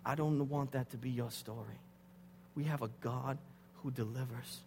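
A man in his thirties preaching a sermon, dropping to hushed tones and rising to loud, pleading intensity. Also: medium pitch, steady tone, normal speed. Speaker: pastor. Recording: hall reverb with faint hum.

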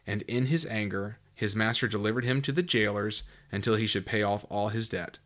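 A man giving a conversational Bible teaching, reading verses aloud and then explaining them in a relaxed, musing way with fillers, jumping high and loud when he stresses a point. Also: a little fast, hardly any pauses.

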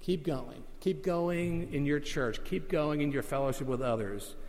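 Middle-aged pastor preaching in a reverberant hall. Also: male voice, on the high side, a little mellow. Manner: conversational storytelling, with slow emphatic repeats. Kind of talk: sermon.

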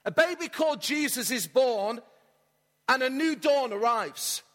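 A man's voice: very high-pitched, animated, a little slow, a bit bright. A man, a church pastor delivering a friendly, story-led sermon with light humour. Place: church auditorium. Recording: reverberant church hall.

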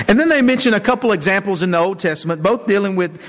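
A male pastor preaching a sermon in a conversational way, with fillers and quick self-corrections. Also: high voice, expressive, a bit bright. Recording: long hall reverb.

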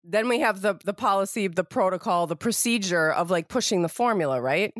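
A woman co-hosting a casual podcast, chatty and lively, recalling her own hospital stay after giving birth. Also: mid-range voice, a little fast, dry recording, clean studio sound. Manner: lively, chatty, acts out quotes. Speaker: podcast co-host.

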